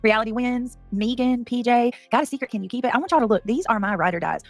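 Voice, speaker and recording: A woman's voice: a little high, quick pace, no echo, faint music behind. Woman chatting on a livestream. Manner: greets chat by name, emotional, defensive. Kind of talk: casual livestream chat.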